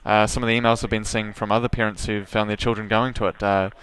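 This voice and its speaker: A man hosting a casual interview, gentle and hesitant, with frequent restarts. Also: fairly low pitch, flat delivery, fast, clean tone. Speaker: podcast host.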